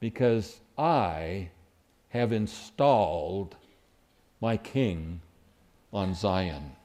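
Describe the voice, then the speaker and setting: A man's voice: deep voice, lively intonation, very slow, a little mellow. A man preaching a sermon who acts out quoted lines with sudden rises and dips in his voice.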